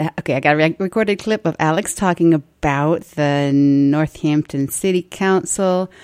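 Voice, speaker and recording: Low-voiced rambling radio host woman. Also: darkish tone, smooth, no echo. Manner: rambling, self-interrupting, chatty. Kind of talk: live radio talk. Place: radio studio.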